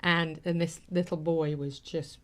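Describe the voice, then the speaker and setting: A woman's voice: low voice, steady tone, measured pace. A woman hosting a talk show, telling a personal story in an earnest, heartfelt, rambling way with many fillers. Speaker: host.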